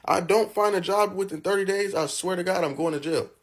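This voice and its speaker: A fed-up man venting hard, profanity flying and "bro" at the end of his lines. His voice sits a little high for a man. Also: brisk. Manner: heated, profane, repeats "bro". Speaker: unemployed job seeker venting in a clip. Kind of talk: angry venting rant.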